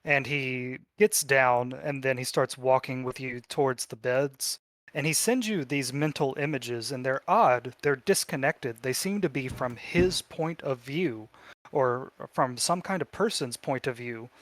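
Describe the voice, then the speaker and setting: A man narrating a tabletop game as game master, telling the story in a relaxed way with fillers. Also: mid-range voice.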